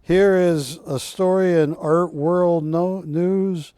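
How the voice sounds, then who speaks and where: Male shopping-channel host, unhurried and chatty, dark dry sound. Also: sits high, fairly even intonation, clean tone, dry recording. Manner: rambling, jokey, self-correcting. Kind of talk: live sales pitch. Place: TV shopping studio.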